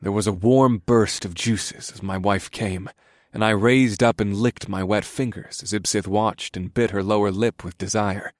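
A man narrating an erotic story in the first person, in a steady, subdued reading voice. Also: fairly low pitch, no room sound, clean studio sound.

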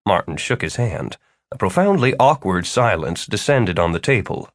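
Expressive male audiobook narrator. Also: lowish voice, normal speed, no echo, clean studio sound. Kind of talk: scripted narration.

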